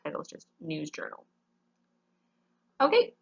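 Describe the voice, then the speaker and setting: A woman's voice: low-pitched, wildly swooping pitch, moderate pace, gravelly, a little mellow, slightly rough. Patient woman teaching grammar, lo-fi. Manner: patient, explains step by step, often checks in with "okay?". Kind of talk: classroom grammar lesson.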